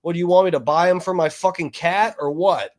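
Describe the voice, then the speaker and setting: A man with a fairly high voice rambles through casual stream commentary, cursing freely and padding his talk with fillers. He speaks into a desk microphone. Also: steady tone, a little fast. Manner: rambling, profane, frequent fillers. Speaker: streamer reacting to videos.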